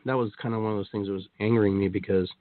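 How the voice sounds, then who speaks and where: Heard through a dry, tinny line like a phone, this man talks very fast in a lowish, flat voice with no echo. He's a guest on a talk show telling his story, full of restarts and quoted asides.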